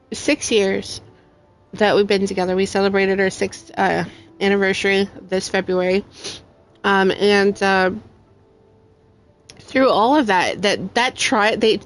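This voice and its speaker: A young adult woman streaming a game, talking in a heartfelt, emotional and rambling way with many fillers. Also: medium pitch. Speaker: gaming streamer. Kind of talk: casual chat while playing. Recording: faint music in background.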